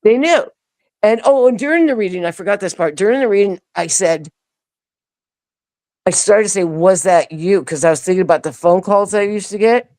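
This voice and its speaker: A woman telling a personal story as an interview guest, animated, acting out other people's lines and laughing often. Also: mid-range voice, a little fast. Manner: animated, acts out quoted voices, laughs often. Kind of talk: casual storytelling.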